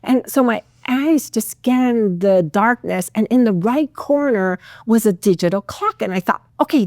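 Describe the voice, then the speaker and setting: A middle-aged woman, a pharmacist guest on a podcast, recounting a personal story in a heartfelt, expressive way and acting out what people said. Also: on the high side, dry recording, studio quality. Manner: heartfelt, expressive retelling with acted-out quotes.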